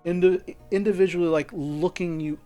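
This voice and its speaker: A man's voice: sits high, fairly even intonation, normal speed, mellow, soft background music. A man running a tabletop game as game master, narrating loosely with restarts and casual swearing.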